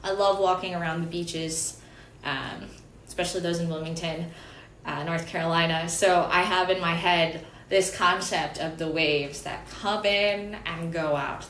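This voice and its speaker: A woman teaching a chant lesson in a chatty, casual way, correcting herself as she goes and dropping in small apologies. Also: mid-range voice. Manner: chatty, self-correcting, with little laughs and apologies. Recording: echoey room with faint background hum.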